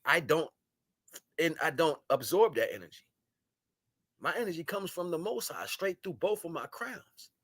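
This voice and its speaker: A man on a livestream giving a spiritual monologue, shifting between solemn murmurs, loud scolding and slangy, laughing chat with viewers. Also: on the high side, lively intonation, moderate pace, pauses often. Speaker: live stream host. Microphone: live stream microphone.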